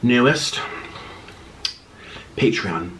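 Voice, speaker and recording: A young man talks through a spicy meal in a loose, rambling way, clearing his throat between bites. His pitch swings widely as he chats, and a faint hiss sits under the recording. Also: animated, drawn-out words, fairly bright tone, rough recording. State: mouth burning from spicy food. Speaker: vlogger. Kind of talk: eating vlog and Q&A.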